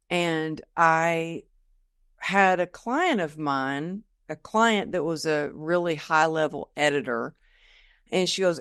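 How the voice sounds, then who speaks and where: A woman guest on a podcast, telling her story in a casual, lively way and acting out the people she quotes. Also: low-pitched, slow, smooth, no echo, studio quality. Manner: lively storyteller who acts out quoted dialogue. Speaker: podcast guest, motivational speaker.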